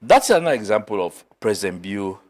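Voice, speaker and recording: A middle-aged man from Sierra Leone with a Krio accent, a political guest telling a story in an animated way, mixing Krio and English. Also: on the low side, fairly quick. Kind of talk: political talk show discussion.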